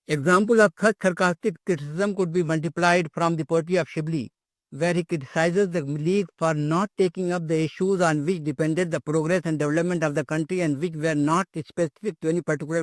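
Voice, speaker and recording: A man's voice: on the high side, a little fast, no room sound. An older man giving an academic lecture, hesitant, with many fillers and repeated words.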